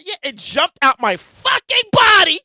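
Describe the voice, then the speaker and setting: High, animated New man shouting stories. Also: a little slow, no room sound, studio quality. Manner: animated, loud storytelling with bursts of shouting. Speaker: podcast host. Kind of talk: casual podcast monologue. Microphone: podcast mic with a soundboard.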